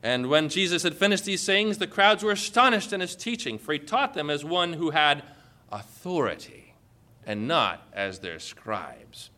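Bright, high-voiced man preaching boldly. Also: sing-song, measured pace. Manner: bold, emphatic preaching with sarcastic asides. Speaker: pastor. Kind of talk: sermon.

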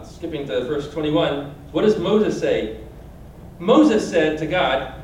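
A man's voice: on the high side, a little hiss or hum. A man preaching a sermon, reading scripture aloud and asking his listeners questions directly. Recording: very echoey room from a distance.

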